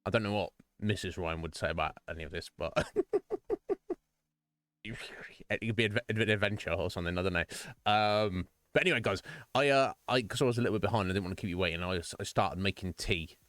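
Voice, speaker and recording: Male streamer, lowish voice, loose rambling chatter with casual swearing, dry sound. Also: fast, a bit bright, dry recording. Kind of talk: casual live-stream chat. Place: home streaming setup.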